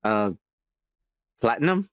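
A man co-hosting a podcast in casual banter, laid-back and quick to laugh, who slips into mocking put-on voices. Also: medium pitch, expressive, no room sound. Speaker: podcast co-host.

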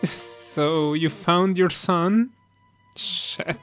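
A man's voice: sits high, drawn-out words, fairly bright tone. A man hosting a let's play, reacting to a game ending with chuckles and then reflecting on it, tearing up. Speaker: gaming channel host. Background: faint game music.

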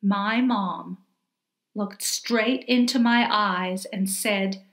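Slow, expressive woman reading a storybook. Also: mid-range voice, roomy sound. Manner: gentle, deliberate, expressive read-aloud. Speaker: author reading her picture book. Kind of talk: slow storybook narration for children.

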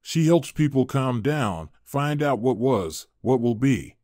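A man's voice: medium pitch, very animated, slow, a little mellow, dry recording, studio quality. A man reading the lines of an older mother who gives tearful, earnest advice to her daughter in a storybook tale. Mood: coaxing.

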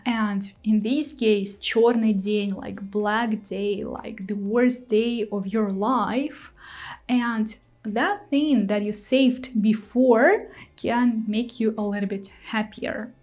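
Slow-speaking Russian-accented woman teacher. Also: on the high side, fairly even intonation, darkish tone. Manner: patient, explanatory. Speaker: language teacher. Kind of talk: video lesson explaining idioms.

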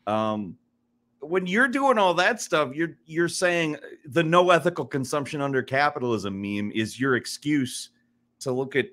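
Rambling, animated man on a podcast. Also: a little high, measured pace. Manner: rambling, restarts often, laughs easily, animated when worked up. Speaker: podcast guest. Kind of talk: casual podcast chat.

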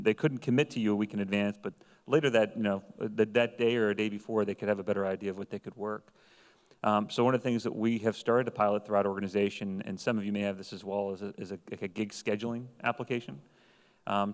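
A man speaking on a conference panel as a retail executive, explaining business practices in a measured way. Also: lowish voice. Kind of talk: panel discussion. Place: conference hall. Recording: echoey conference hall.

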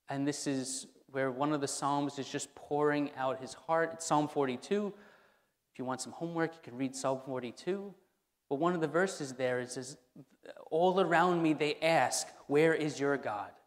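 A male pastor delivers a sermon in a relaxed, conversational way, circling back to repeat his key phrases. His voice sits a bit higher than most men's. The sound carries a long reverb from the church around him. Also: normal speed. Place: church sanctuary.

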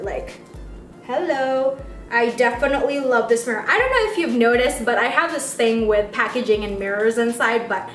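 Squeaky-voiced young woman gushing over makeup. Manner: gushing, excitable, chatty. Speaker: beauty vlogger. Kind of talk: casual unboxing vlog. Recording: roomy sound, mic at a distance, faint music.

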